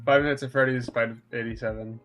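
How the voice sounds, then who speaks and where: A man playing a block-building game alongside friends. He chats in an easygoing way, laughs often and is quick to apologize. Soft music plays faintly behind him. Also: medium pitch, fairly even intonation, lo-fi sound. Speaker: fellow player. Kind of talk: casual gaming chat.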